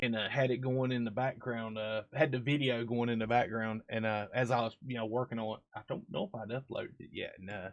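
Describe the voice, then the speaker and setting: A man's voice: medium pitch, steady tone, brisk, few pauses, muffled recording. A man, hosting a live stream in casual, rambling chat full of fillers and laughs.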